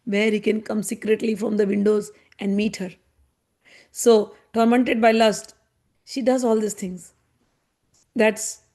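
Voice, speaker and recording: A woman's voice: a little high, a little mellow. A woman teacher giving a devotional scripture talk, reciting Sanskrit verses and then explaining them in a conversational way. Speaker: spiritual teacher.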